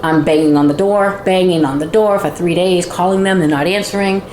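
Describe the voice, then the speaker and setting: Woman house guide, animated storyteller, lower voice, echoey room with background noise. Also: brisk. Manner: lively, acts out quoted voices. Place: inside a large old house.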